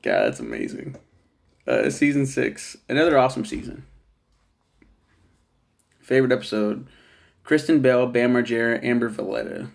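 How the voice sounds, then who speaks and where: A man's voice: medium pitch, sing-song, moderate pace, vocal fry, long pauses. A man casually reviewing a TV show in a rambling, profane monologue, laughing at his own jokes.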